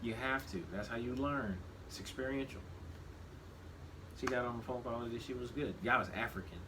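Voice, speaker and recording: A man in his thirties talking casually on a podcast. He speaks reflectively, restarts his sentences often and gets animated when he quotes himself. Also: mid-range voice, fairly quick. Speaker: podcast co-host. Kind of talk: casual conversation. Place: shop. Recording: steady background noise.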